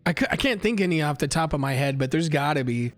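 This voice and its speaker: A man with a fairly high voice chats on a livestream, spinning a rambling travel story full of swearing and restarts. Faint music plays behind him as he talks into a desk mic. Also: expressive, fast. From United States. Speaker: livestream host. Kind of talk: casual chat.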